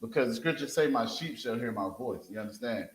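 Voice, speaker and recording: A man's voice: mid-range voice, brisk. Preacher, male, leads a scripture reading in an echoey room, keeps checking his listeners follow. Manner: calls for verses, repeats "you understand?", animated. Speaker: street preacher teaching scripture. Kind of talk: scripture teaching with a reader.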